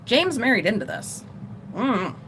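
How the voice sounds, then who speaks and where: A middle-aged woman vlogger telling a personal story in a rambling, animated way on a casual livestream. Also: fairly high pitch, measured pace, a little hiss or hum. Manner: rambling, animated retelling with laughs.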